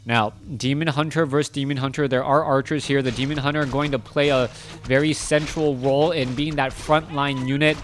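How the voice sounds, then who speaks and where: A man's voice: medium pitch, a little fast, faint music behind. A man doing solo play-by-play commentary on a strategy game, chatty and correcting himself as he goes. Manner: chatty, self-correcting, rising excitement in big moments. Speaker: esports caster.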